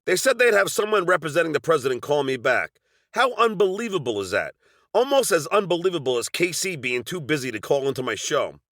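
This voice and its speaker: A man's voice: mid-range voice, fairly bright tone, no room sound, studio quality. A middle-aged man with a Long Island accent narrating a personal story from a script, with wry, sardonic asides.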